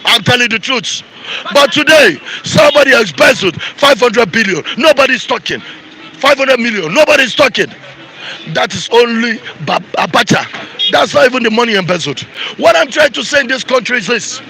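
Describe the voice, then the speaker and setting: Angry Nigerian man ranting, high bright voice. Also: lively intonation, normal speed, slight background noise, rough recording. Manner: angry, repetitive, preachy. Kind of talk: impassioned street interview rant.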